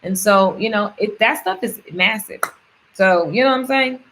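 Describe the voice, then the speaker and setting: A woman's voice: medium pitch, normal speed, fairly bright tone, a little hiss or hum. A woman, talking casually and upbeat in a motivational vlog, reciting affirmations and chatting with her viewers, often repeating words for emphasis. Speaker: vlogger.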